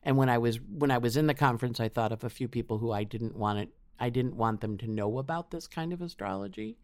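A woman's voice: very deep voice, fast, darkish tone, no echo. A woman astrologer chatting in an interview, rambling with many restarts. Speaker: astrologer guest. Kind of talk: casual interview chat.

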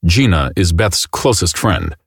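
Serving as host and narrator of a true-crime documentary, a man speaks in a grave, measured way. His very low, gravelly voice is highly animated, rising and falling expressively, with music running underneath the whole time.

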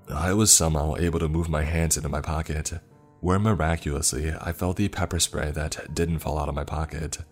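A man narrating a scripted horror story in a steady, measured telling, over faint music. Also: very deep voice.

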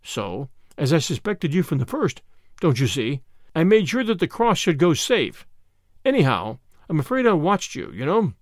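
A man's voice: a little high, big pitch swings, moderate pace, no room sound, clean studio sound. A man doing a mild, apologetic little priest. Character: small timid-seeming mild male priest. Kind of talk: audiobook reading of a classic story.

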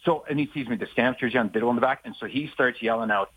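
A man's voice: mid-range voice, fairly quick, bright, forceful tone, slightly rough, dry recording, low-quality recording. A man from Saskatchewan co-hosting a sports radio show, telling rambling anecdotes full of fillers and restarts. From Saskatchewan, Canada. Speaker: sportscaster co-host. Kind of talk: casual radio chat, storytelling.

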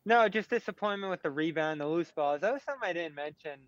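A man giving postgame basketball analysis in a measured, analytical way. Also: fairly high pitch, animated, dull audio, crowd noise. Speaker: sports analyst.

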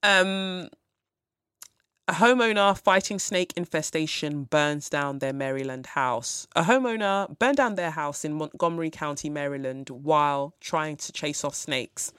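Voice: medium pitch, measured pace, pushed and bright, clear, resonant tone, dry recording, studio quality. A podcast host, ranting with blunt, profane exasperation about the news. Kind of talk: ranting commentary.

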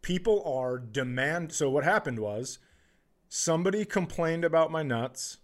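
A man's voice: on the high side, animated, unhurried. A man hosting a podcast who tells his stories in a wry, laid-back way. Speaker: podcast host. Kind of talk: casual storytelling chat.

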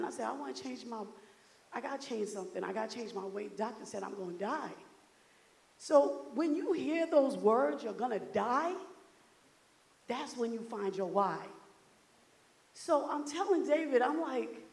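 A woman from Brooklyn telling a personal story to a seminar audience, animated and acting out what people said to her. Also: a little high, measured pace, vocal fry. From Brooklyn, New York. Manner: animated, acts out quoted dialogue. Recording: echoey hall.

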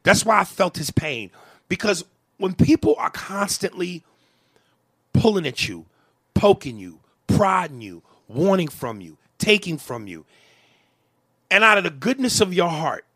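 A man's voice: sits high, very animated, unhurried, sharp tone, husky, no room sound. A man, a comedian hosting a podcast, venting in a heated, profane way during a conversation.

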